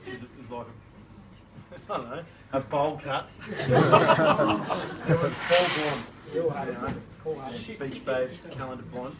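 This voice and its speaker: A young man recalling childhood days with a friend in a casual party speech, laughing at his own jokes. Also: mid-range voice. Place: party in a shed. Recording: far from the mic, crowd noise.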